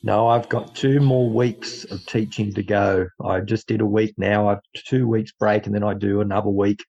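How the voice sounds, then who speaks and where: A man's voice: on the low side, little pitch movement, moderate pace, darkish tone, lo-fi sound. A man from Australia with an Australian accent, sharing a faith testimony in an earnest, hesitant way with many fillers. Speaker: guest speaker in an online faith group.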